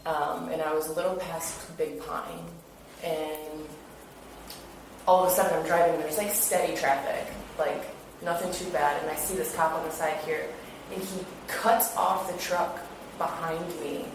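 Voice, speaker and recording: A deep, level, unhurried female voice belongs to a young woman being interviewed about an incident. She tells it casually with plenty of fillers, imitating what others said, in an echoey room with hiss and the mic well away from her.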